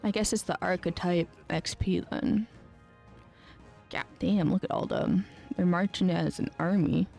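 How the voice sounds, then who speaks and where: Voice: medium pitch, steady tone, a little slow, gravelly, a little mellow, soft background music. A streamer giving casual let's-play commentary, thinking aloud and muttering with some offhand swearing.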